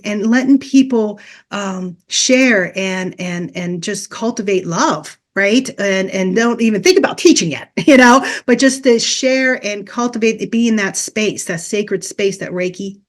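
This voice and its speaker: A middle-aged woman, a Reiki teacher as guest on a podcast, earnestly telling a personal story and acting out past conversations as dialogue. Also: medium pitch.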